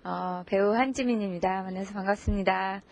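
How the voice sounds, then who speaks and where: A woman's voice: medium pitch, steady tone, racing, vocal fry, lo-fi sound, over music. A woman actor greeting viewers politely and explaining a phrase. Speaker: guest actor.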